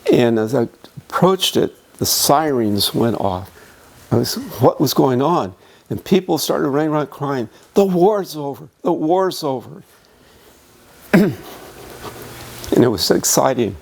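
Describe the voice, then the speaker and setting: An older man, a museum docent, telling a childhood memory in a halting, emotional way. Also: medium pitch, animated, gravelly, a little mellow. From United States. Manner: reminiscing, emotional, halting with restarts. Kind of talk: panel storytelling. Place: museum meeting room.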